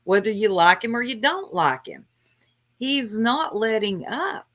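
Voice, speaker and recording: A woman hosting a livestream, giving scolding, drawn-out commentary in casual chat. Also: a little high, animated, fairly bright tone. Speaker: livestream host.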